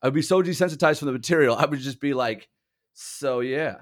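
Talking very fast in a voice on the high side, a young man co-hosting a podcast tells lively stories, laughing a lot and imitating what others said in the easygoing chat.

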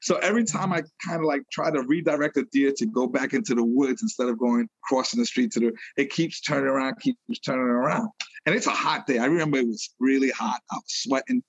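A middle-aged man from New York telling a story in a casual interview, animated, laughing often and repeating phrases. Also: mid-range voice, a little fast, dry recording, muffled recording. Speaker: guest, retired police detective sergeant.

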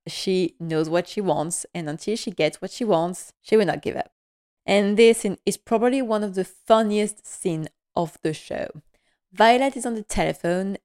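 A woman hosts a podcast and recaps a drama episode in casual chat. She talks quickly and with feeling, in a slightly low voice. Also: a little mellow. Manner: emotional, quick, heartfelt. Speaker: podcast host.

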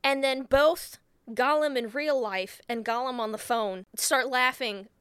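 A woman's voice: high voice, unhurried, fairly bright tone, clear, resonant tone, no echo, studio quality. A woman co-hosting a casual podcast, retelling a film in a rambling, sweary way and laughing often. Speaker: podcast co-host.

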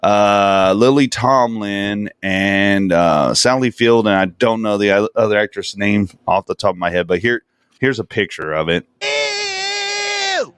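A man's voice: lowish voice, normal speed, fairly bright tone, clean tone. A man co-hosting a podcast in casual chat, profane and mocking, often slipping into goofy impressions. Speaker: podcast co-host.

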